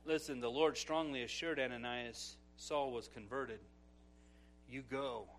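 A middle-aged male pastor preaching a sermon, swinging from loud exclamations to hushed asides as he tells stories and acts out quotes. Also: medium pitch, steady tone, unhurried, slight background noise.

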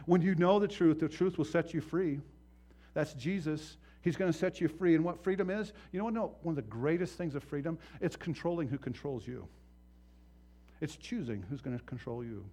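A man preaching a sermon as pastor, impassioned and swinging from hushed to loud, acting out voices in his stories. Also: on the high side, moderate pace.

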